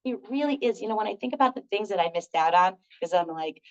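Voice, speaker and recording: Talking fast with lively intonation and a medium-pitched voice, a middle-aged woman leads a live group workshop. Her storytelling is chatty and packed with fillers, heard through a dull lo-fi recording.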